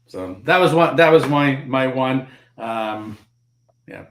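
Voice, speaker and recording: A man's voice: medium pitch, slow pace, a little hiss or hum. Enthusiastic Canadian man in a roomy echo. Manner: enthusiastic, rambling with fillers. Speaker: panelist on a live whiskey and board game show. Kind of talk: casual chat.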